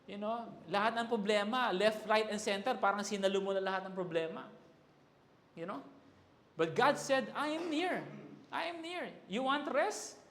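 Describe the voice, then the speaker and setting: A man's voice: high-pitched, moderate pace. A man preaching a sermon, mixing English and Tagalog and raising his voice for quoted cries. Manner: switches between English and Tagalog, rises to loud emphasis on quoted cries. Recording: echoey hall reverb.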